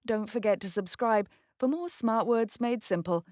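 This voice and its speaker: A woman who is a professional voice actor, presenting a short pronunciation lesson in a clear, precise way. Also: on the high side, moderate pace, no room sound, clean studio sound. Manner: clear, precise, lively delivery. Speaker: voice actor and narrator, host.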